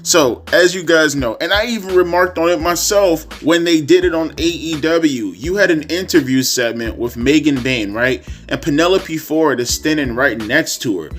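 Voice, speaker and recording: A man's voice: fairly high pitch, moderate pace, few pauses, a bit bright, faint music behind. A young man ranting as a YouTube wrestling commentator, profane, repetitive and exasperated.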